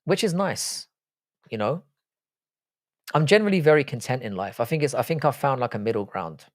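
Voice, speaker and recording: A young man with a British accent chats loosely on a livestream, his voice sitting at an ordinary middle pitch. He is blunt and sweary but relaxed as he reads out viewer comments. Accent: British English. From England. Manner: blunt, sweary, laid-back banter. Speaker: livestream host. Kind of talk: casual live chat reading viewer comments.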